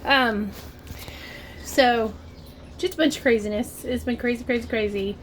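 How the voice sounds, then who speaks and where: A woman's voice: on the high side, measured pace, poor audio. A woman from Ohio chats to her camera at home, piling on "like" and "oh my gosh" as she tells a story. Her voice sits a little above the usual for a woman. Faint household noise and dogs sit behind her. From Ohio, USA. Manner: chatty, lots of "like" and "oh my gosh". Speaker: vlogger. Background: barking dogs.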